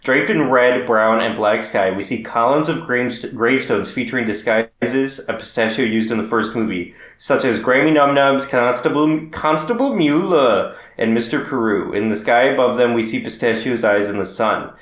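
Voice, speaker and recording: Podcast co-host, male, casual joking delivery, mid-pitched voice, roomy echo on the mic. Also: moderate pace, few pauses, fairly bright tone. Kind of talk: casual chat.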